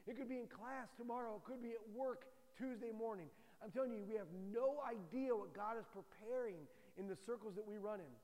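A man with a high-pitched voice preaching a sermon, animated and acting out the people of the scripture story as he reads. His voice rings with the long reverb of a large hall. He speaks to a room full of people. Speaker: pastor.

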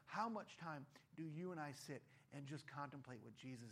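A male pastor preaching a sermon, animated, asking rhetorical questions and briefly acting out the voices of figures in the story. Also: medium pitch, a little fast, hardly any pauses, husky.

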